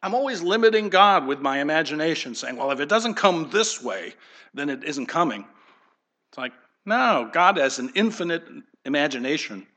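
A man's voice: fairly high pitch, sing-song, normal speed, pushed and bright. A middle-aged man, a pastor, giving a conversational sermon and putting questions straight to his congregation. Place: church sanctuary.

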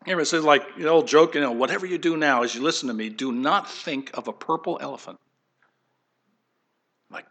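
A man preaches a sermon in a lively, conversational way, sliding into acted-out voices and folksy jokes. His voice sits a little high and has a bright, forceful edge. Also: moderate pace. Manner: animated, acts out quoted voices. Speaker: pastor.

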